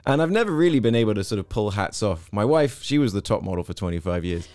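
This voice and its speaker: A middle-aged man with an English accent, chatting as an interview guest and telling stories in a quick, animated way. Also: lowish voice, soft background music. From Hong Kong-born, British. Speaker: interview guest, content creator. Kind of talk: casual interview chat.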